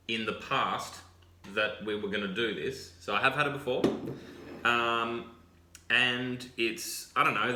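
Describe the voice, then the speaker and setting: Bright-voiced Australian man joking around. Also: medium pitch, reverberant. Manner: joking, quick banter. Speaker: co-host. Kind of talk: casual chat.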